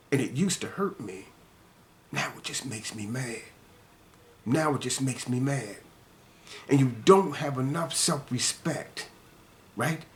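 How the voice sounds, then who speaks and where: An older man delivering an angry, scolding monologue rant, repeating himself and dropping to low mutters between heated outbursts. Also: slight background noise. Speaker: commentator ranting to camera.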